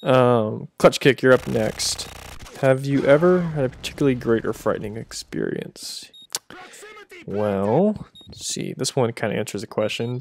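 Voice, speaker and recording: A man's voice: medium pitch, slight background noise. A young man answering viewer questions in a casual, chatty way, with joking asides. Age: young adult. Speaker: gaming video creator.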